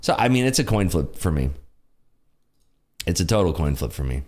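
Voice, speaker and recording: Excitable male livestream host with an animated voice that swings up and down, laughs a lot, hypes up viewers' wins. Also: deep voice, moderate pace. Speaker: day trading livestream host. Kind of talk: casual live market commentary.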